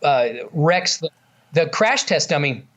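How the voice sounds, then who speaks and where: At a measured pace, a ventriloquist with a fairly high, animated and slightly bright voice chats eagerly in a casual interview, telling stories laced with fillers.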